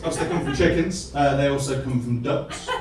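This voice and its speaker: A man giving a light-hearted science talk on stage, self-deprecating and halting, full of restarts. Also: medium pitch, noisy background. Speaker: guest speaker. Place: live comedy venue. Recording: echoey hall from far off.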